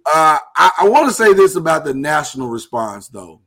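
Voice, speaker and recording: A man's voice: on the high side, very animated, fairly bright tone. Earnest man hosting a live show. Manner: earnest, halting, with many restarts. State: holding back emotion. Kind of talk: casual live-stream talk.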